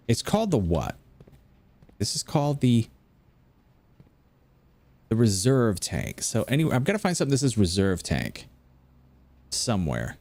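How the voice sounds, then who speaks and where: A man's voice: lowish voice, wildly swooping pitch, a little slow, creaky, long pauses, a little mellow, dry recording. A man, rambling and chatting with viewers during casual gameplay commentary at home late at night. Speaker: gaming video creator.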